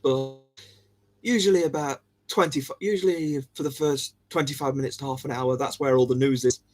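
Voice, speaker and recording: A man's voice: medium pitch, steady tone, moderate pace. A man hosting a livestream, chatting casually with viewers in a jokey, giggly way. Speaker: livestream host.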